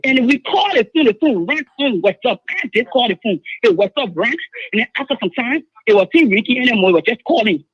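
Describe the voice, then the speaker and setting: Woman caller, Liberian English, husky, rapid and lively, insistent. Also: fairly high pitch, no room sound. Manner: urgent, insistent, repeats herself. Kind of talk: emotional phone-in account. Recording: dull phone line.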